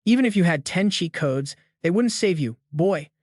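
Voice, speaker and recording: A man voicing an arrogant, hot-headed teenage student bully who taunts and yells. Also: high-pitched, lively intonation, moderate pace, no echo, clean studio sound. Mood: sneering, yelling. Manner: sneering, taunting, yelling.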